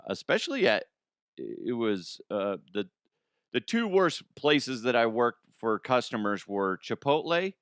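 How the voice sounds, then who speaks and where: A man's voice: fairly low pitch, fairly bright tone, clean tone, dry recording, clean studio sound. A man hosting a comedic news podcast in a casual, joking way, laughing often; he sounds like he is in his thirties and records at home. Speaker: podcast host.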